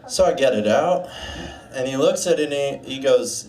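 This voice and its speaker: A young man doing a deadpan stand-up set with dark jokes, putting on a gruff low voice for a doctor. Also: unhurried, far from the mic, a crowd in the background. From United States. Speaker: stand-up comedian. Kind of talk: stand-up set at open mic. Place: small bar stage.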